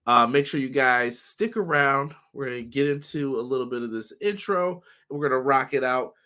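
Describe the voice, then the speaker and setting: A man hosting a casual wrestling podcast livestream, upbeat and greeting viewers by name, his voice slightly hoarse. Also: medium pitch, normal speed, sharp tone. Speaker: podcast host.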